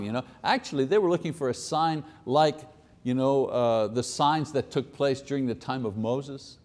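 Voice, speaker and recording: A man teaching a Bible lesson in a casual, conversational way, slipping into quick voices for people in the story. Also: medium pitch, a little mellow.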